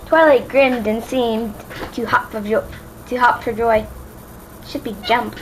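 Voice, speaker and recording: A woman's voice: fairly high pitch, steady tone, unhurried, slight background noise, poor audio. A young woman from Louisiana casually reading fan fiction aloud, stumbling, rereading words and adding chatty asides. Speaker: amateur reader.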